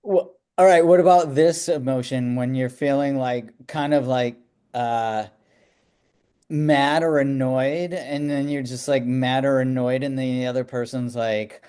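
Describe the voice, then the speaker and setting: A man's voice: medium pitch, fairly even intonation, measured pace, mellow, smooth. A man in a casual podcast chat, easygoing and laughing often.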